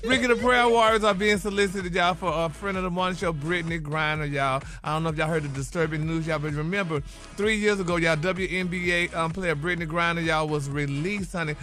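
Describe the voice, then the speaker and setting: Flamboyant male gossip host, high bright voice, honey-this y'all-that radio banter. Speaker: celebrity gossip segment host. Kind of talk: radio morning show gossip chat.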